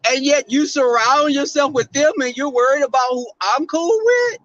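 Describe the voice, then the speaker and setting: Brash high-voiced man with a Southern drawl. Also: lively intonation, moderate pace, a bit bright, dry recording. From Southern US, Texas. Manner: brash, profane, sassy. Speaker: livestream host. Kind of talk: casual ranting commentary. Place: outdoors in the cold. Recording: dull, dry sound.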